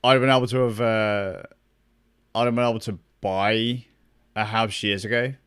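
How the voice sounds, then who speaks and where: A man's voice: on the low side, steady tone, normal speed, fairly bright tone, clean tone. A young man chatting casually with his stream viewers, rambling, swearing a lot and laughing often. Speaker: gaming streamer.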